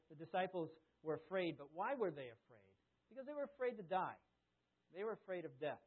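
A man with a fairly high voice delivers a conversational sermon, putting questions to his congregation and loudly acting out the lines he quotes. The sound is thin and tinny, as if it came over a phone line. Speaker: preacher. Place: church service with a congregation.

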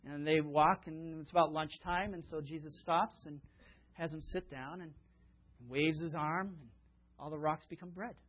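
Man, preacher, conversational sermon, husky voice, dull lo-fi recording. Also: a little high, fairly even intonation, moderate pace. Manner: conversational, with fillers and rhetorical questions. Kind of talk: sermon with storytelling.

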